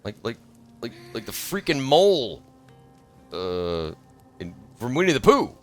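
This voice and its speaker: A man in his thirties chatting casually on a livestream, rambling from thought to thought and bursting into excited shouts. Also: medium pitch, a little slow, soft background music. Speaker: streamer.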